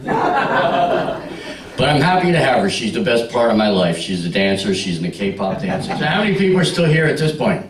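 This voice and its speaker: A very animated man in his sixties, mid-range in voice and normal in speed, performs stand-up at a party, delivering stories that land on punchlines and chatting with the audience. The sound is roomy, captured by a far-off mic before a live crowd.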